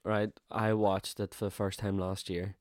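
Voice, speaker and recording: A man's voice: fairly low pitch, little pitch movement, moderate pace, a little mellow, no room sound, clean studio sound. A young man hosting a casual podcast chat, swearing freely and laughing often. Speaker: podcast host.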